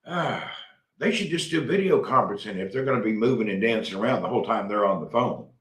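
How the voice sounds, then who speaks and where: A man's voice: fairly low pitch, fast, roomy sound. Folksy man chatting live. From Tennessee, USA. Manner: rambling, animated, folksy. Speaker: livestream host. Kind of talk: casual live chat reading comments.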